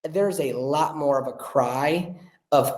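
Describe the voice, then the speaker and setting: A young man, a podcast guest, telling a story in an earnest, animated way and acting out the voices of the people he quotes. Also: on the high side, slow. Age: young adult. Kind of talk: casual storytelling chat. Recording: roomy echo.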